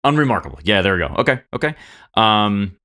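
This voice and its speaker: Man running a tabletop game, deep and smooth, loose rambling narration. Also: sing-song, brisk, pushed and bright. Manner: rambling, many fillers. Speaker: game master.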